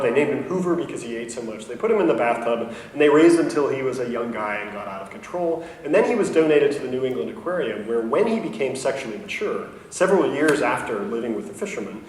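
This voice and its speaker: A university professor giving a conversational science lecture, explaining with light humor and correcting himself along the way. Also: male voice, mid-range voice, animated, a little fast, few pauses. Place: lecture hall. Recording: echoey hall, mic at a distance, faint noise.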